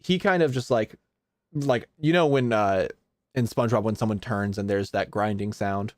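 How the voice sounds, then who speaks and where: A man's voice: lowish voice, moderate pace, no echo. A man narrating a tabletop game as game master, casual, filler-heavy and often laughing.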